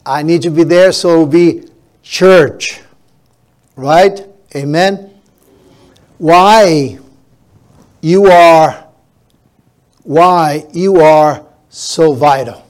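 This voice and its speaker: Slow, deliberate preaching man. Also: a little high, a little mellow. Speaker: pastor. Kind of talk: sermon.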